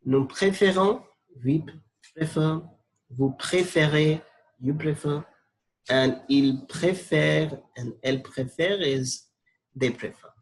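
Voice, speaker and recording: A man's voice: on the high side, low-quality recording. A man teaching French verb conjugation from slides, patient and repetitive, spelling out letters. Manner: slow, patient, spells out letters and repeats forms. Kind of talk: slide-based grammar lesson.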